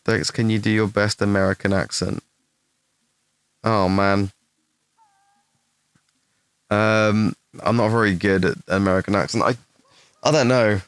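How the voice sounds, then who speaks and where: A young English man answering chat questions on a stream in casual, rambling talk, swearing freely and putting himself down, with a fairly deep voice. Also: steady tone, a little slow, long pauses, smooth, no room sound. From England. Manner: rambling, swears a lot, self-deprecating.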